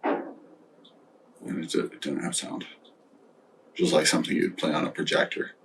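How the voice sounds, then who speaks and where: A stoned man hosting a casual podcast chat, rambling and halting with many fillers. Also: a bass voice, level tone, vocal fry, a bit bright, distant mic, a little hiss or hum, poor audio. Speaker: podcast host.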